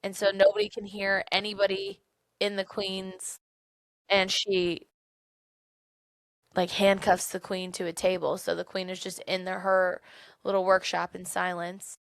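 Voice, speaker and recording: A young woman talking through a novel's plot with her co-host in an easy, chatty way. She has a slightly gravelly voice and keeps dropping in fillers as she goes. The sound is close and dry, with no room around her. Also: mid-range voice, measured pace, no echo. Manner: chatty, animated retelling with many "like"s. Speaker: podcast co-host. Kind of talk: casual book discussion.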